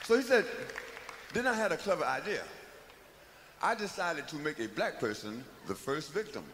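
Lively, profane comic storyteller, man. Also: a little high, normal speed, some chatter behind. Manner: loose, profane, rhythmic storytelling. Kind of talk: live spoken-word comedy monologue. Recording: live hall recording, faint noise.

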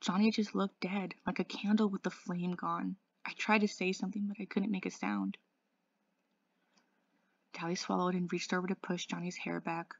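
A woman reading a novel aloud as an English tutor, measured and even. Her voice is low with a gravelly fry. The recording is dry and dull. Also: no room sound.

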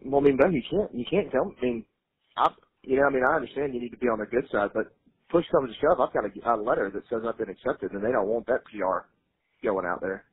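A young man speaks quickly on a recorded phone call, frustrated and defensive, swearing freely. His voice is husky. The line is thin and tinny like a phone. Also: medium pitch, lively intonation, no echo. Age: young adult. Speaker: son on a jail phone call.

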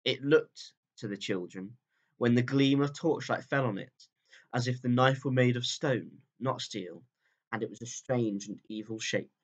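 A male teacher reading a chapter of a children's book aloud in a calm, steady storytelling voice that drops low at the ends of sentences. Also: measured pace, dull audio.

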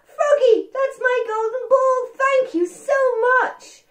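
A woman's voice: slow, full character voice. Woman doing a sweet little princess. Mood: delighted. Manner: high, bright and sweet. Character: young polite girl princess. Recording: roomy echo.

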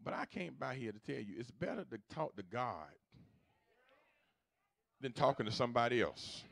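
A man preaching a sermon as pastor, moving from quiet storytelling to loud, repetitive exhortation. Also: medium pitch, animated, normal speed, gravelly, dry recording. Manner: swings from hushed storytelling to loud preaching, repeats phrases. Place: church sanctuary.

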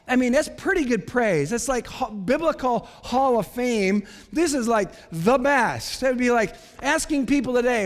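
A male pastor preaching a sermon, animated, moving between quiet asides and emphatic declarations. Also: very high voice, moderate pace, few pauses. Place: church sanctuary. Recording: long church hall reverb.

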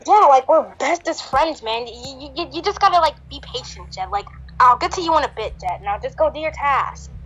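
A woman's voice: high-pitched, expressive, fairly quick, a bit bright, lo-fi sound. A woman voicing an easygoing young male hedgehog hero, casual and hesitant with lots of fillers, fan voice acting of a game.

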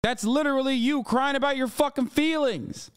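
A man's voice: very high voice, moderate pace, dry recording. A man streaming a reaction to a debate clip, ranting in a heated, profane and sarcastic way at the clip and at his chat. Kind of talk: heated livestream reaction commentary.

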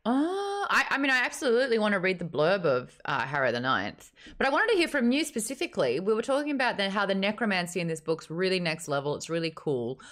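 A woman's voice: medium pitch, very animated, fast talker, few pauses, fairly bright tone. A woman hosting a live book club stream, chatting casually, teasing and laughing often. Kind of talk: casual chat.

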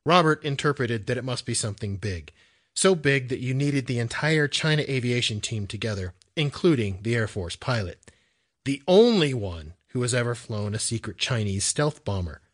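A man's voice: mid-range voice, animated, moderate pace. Man narrating an audiobook. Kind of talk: scripted narration.

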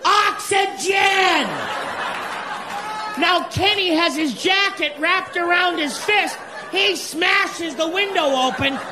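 A man telling a slow, deliberate stand-up story and acting out the characters in it. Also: very high voice, crowd noise. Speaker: stand-up comedian. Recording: live club with audience and noise.

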